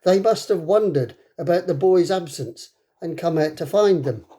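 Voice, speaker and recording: A man reading a children's book aloud to a class, with expressive, dramatic delivery. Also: fairly high pitch, normal speed. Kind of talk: storybook read-aloud. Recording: echoey room.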